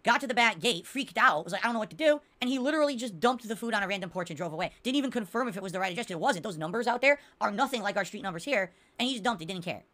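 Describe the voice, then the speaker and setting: Fast-talking exasperated woman podcaster. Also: mid-range voice, lively intonation, fairly bright tone. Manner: exasperated, talks to chat viewers. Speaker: podcast host. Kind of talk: casual livestream rant. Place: home room with blinds.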